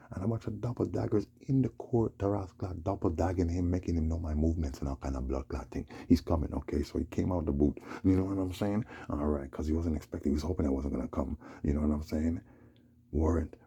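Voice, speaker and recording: A man telling a long, rambling story, agitated and repeating himself, with a gravelly voice. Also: extremely low pitch, steady tone, brisk, mellow. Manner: rambling, agitated, repeats "you know what I'm saying". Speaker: vlogger. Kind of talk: casual storytelling monologue.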